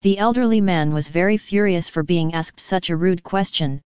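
Woman storyteller, very smooth, dry and slightly dull recording. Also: on the low side, moderate pace, a little mellow, no echo. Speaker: narrator. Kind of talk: scripted story narration.

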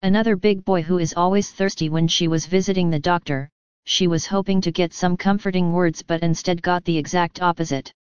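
Woman storyteller, lowish and very clear, even matter-of-fact read, dry slightly dull sound. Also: a little fast, no echo. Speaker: narrator. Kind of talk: scripted story narration.

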